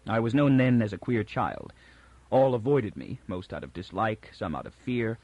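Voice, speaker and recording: A man voicing a calm, controlled mutant villain who speaks tolerantly and with quiet menace. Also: on the low side, moderate pace, no room sound, dull audio. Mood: calm commanding.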